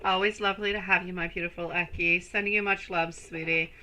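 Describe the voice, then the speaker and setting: A woman hosting a live tarot reading stream, speaking slowly and affectionately to her viewers. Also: on the low side, fairly even intonation, heavy background noise. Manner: slow, soothing, affectionate toward viewers.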